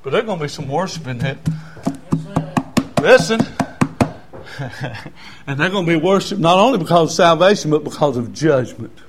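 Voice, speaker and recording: An older man, preaching a sermon as pastor in a folksy storytelling way, swinging from quiet talk to shouting. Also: on the high side, lively intonation, normal speed, long pauses, music in the background.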